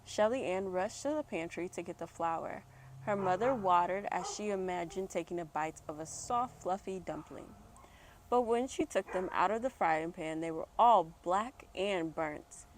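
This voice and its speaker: A woman's voice: fairly low pitch, normal speed, noisy background. A mother reading a picture book aloud at home on an external mic, with chatty asides and laughing at herself. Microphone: external microphone. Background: dogs barking.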